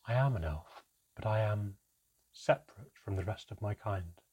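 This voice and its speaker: A man voicing a calm, gently ominous female elf in a small, soft voice while reading a storybook aloud. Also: lowish voice, normal speed, slightly rough. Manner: calm, reasonable, quietly commanding.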